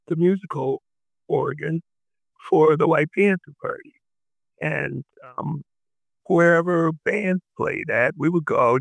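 An older man rambling through memories in a casual interview, halting with fillers. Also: a little high, gravelly, fairly bright tone, no room sound, low-quality recording. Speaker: interviewee recalling the past. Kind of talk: casual storytelling.

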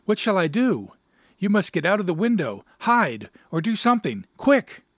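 A man's voice: fairly high pitch, lively intonation, fairly quick, dry recording, clean studio sound, natural voice. Man putting on a flustered young lady. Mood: panicked. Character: flustered young married woman, polite.

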